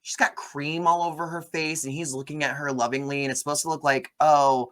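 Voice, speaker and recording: A man in his thirties hosting a casual movie review chat, retelling scenes in an animated way. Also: on the high side, fast. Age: 30s. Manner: animated storytelling, acts out quoted lines. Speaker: movie review podcast host.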